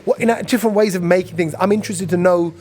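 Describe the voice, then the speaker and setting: A British man, a radio presenter, chatting as a guest with animated, jokey storytelling. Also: sits high, fast. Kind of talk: casual chat.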